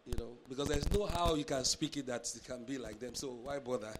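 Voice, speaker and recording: A man with a Nigerian accent, preaching a sermon and reading scripture in a measured, emphatic way. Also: mid-range voice, fairly even intonation, noisy background. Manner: measured, with emphatic drawn-out phrases. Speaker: pastor.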